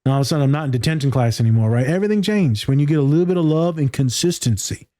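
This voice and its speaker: Emotional man with a mellow voice. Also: on the high side, very fast. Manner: emotional, animated, swears freely. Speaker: podcast host. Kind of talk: casual conversation.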